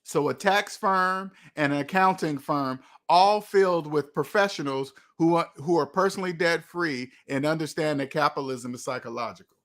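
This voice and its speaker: A man hosting a livestream, answering viewers' comments in an emphatic way, slowing down to stress his points. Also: fairly high pitch, a bit bright. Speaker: livestream host. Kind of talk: live chat reading comments.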